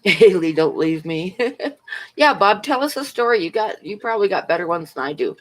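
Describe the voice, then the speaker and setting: A woman's voice: lowish voice, animated, normal speed. Brief: woman livestreamer, casual chat, rambling anecdotes, frequent laughs, asides to chat. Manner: rambling storyteller, laughs often, talks to chat.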